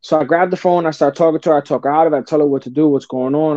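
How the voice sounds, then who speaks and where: A middle-aged man tells a personal story in a lively, casual way and keeps calling the listener brother. His voice is mellow and dark. The recording is dry and a little dull. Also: on the high side, rapid-fire, hardly any pauses, dry recording. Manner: animated, calls the host brother and bro. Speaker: podcast guest.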